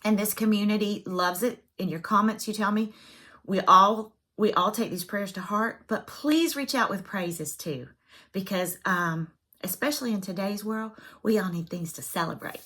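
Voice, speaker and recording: A woman's voice: mid-range voice, moderate pace, bright, forceful tone. A woman chatting casually as a cross-stitch vlogger, self-deprecating and full of fillers. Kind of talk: casual chat.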